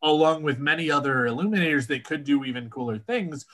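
A man co-hosting a casual podcast about a book series, talking in animated, emphatic bursts. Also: on the high side, quick pace. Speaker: podcast co-host.

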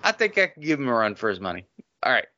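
A man hosting a casual movie podcast, reading out film facts slowly and swearing offhandedly. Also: mid-range voice, very animated, bright, forceful tone, dull audio. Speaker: podcast host.

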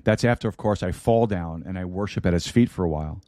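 Low, mellow-voiced male preacher. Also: fast talker, no echo, clean studio sound. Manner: preaching with repetition, asides and light humor. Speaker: pastor. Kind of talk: sermon. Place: broadcast studio. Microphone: studio microphone.

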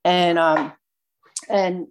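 A woman casually telling a personal recovery story in an animated, chatty way, full of fillers. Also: lowish voice, very slow, slight background noise. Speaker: speaker sharing a recovery story.

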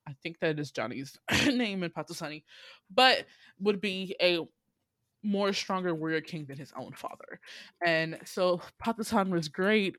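Animated, laughing casual storyteller. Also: medium pitch, dry recording. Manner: animated storytelling, acts out quoted lines, laughs often. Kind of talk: casual movie recap.

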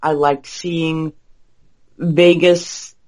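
A man with a somewhat high voice talks casually and bluntly about what he liked and disliked in a film. He is quick to pass judgment and keeps it conversational. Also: level tone. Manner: opinionated, blunt, quick to judge. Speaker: podcast co-host.

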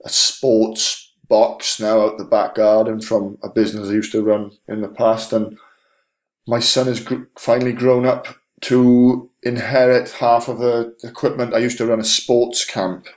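A man's voice: medium pitch, little pitch movement, a little slow. A middle-aged man hosting a podcast, chatting casually with lots of fillers and restarts. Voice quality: rambling, with many fillers and restarts. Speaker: podcast host. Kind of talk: casual chat.

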